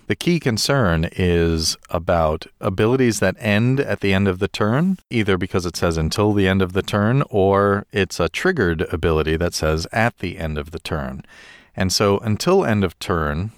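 A man's voice: deep voice, expressive, moderate pace, no echo, studio quality. A man hosting a podcast in casual chat, teasing and introducing segments. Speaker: podcast host.

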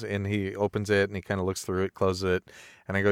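A man co-hosting a podcast, chatting in a relaxed way and introducing the next segment. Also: on the low side, quick pace, clear, resonant tone, no room sound, clean studio sound. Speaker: podcast co-host. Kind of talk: casual podcast chat.

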